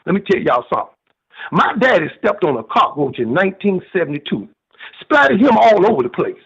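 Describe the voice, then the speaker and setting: Older southern guy calling in, husky voice, lively up and down, muffled line. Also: high voice, fairly quick. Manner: folksy, repeats "man" and "let me tell you", sermon-like. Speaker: caller. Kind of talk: phone-in preaching-style rant. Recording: muffled phone call.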